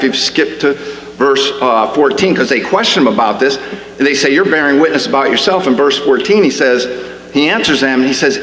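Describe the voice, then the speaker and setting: A man's voice: mid-range voice, lively intonation, normal speed, a bit bright. A man preaching in a church, talking like a conversation and climbing to emphatic questions. His voice rings through a long, echoey hall with a faint hum behind it. He often restarts his sentences as he works through a point. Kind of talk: sermon. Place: church sanctuary.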